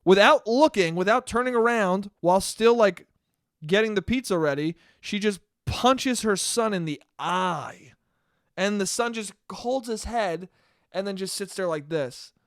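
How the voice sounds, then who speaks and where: A man's voice: high voice, measured pace, no room sound, clean studio sound. A man hosting a solo podcast and telling a rambling story, cursing often and restarting his sentences. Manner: profane, rambling, with many restarts. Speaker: podcast host.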